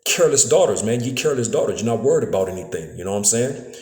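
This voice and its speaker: A man's voice: on the low side, animated, very fast, darkish tone, reverberant. A man giving a casual, phone-recorded scripture lesson, filling his talk with "man" and "you know what I'm saying" and stumbling over repeated words. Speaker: preacher. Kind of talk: street-style scripture lesson.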